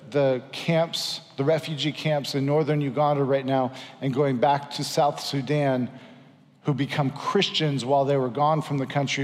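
Earnest pastor preaching in a hall. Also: male voice, mid-range voice. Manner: earnest, exhorting, repeats for emphasis. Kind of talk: sermon.

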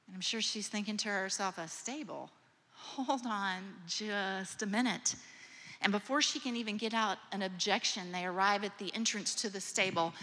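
A woman, a mother herself, retelling a scripture story as a gentle, imaginative sermon with hushed moments. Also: mid-range voice. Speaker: preacher or speaker. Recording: long hall reverb.

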